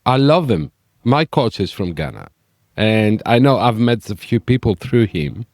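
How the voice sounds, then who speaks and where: A man's voice: on the low side, animated, measured pace, a little mellow, dry recording, studio quality. Enthusiastic man co-host. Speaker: podcast co-host. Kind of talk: casual interview chat.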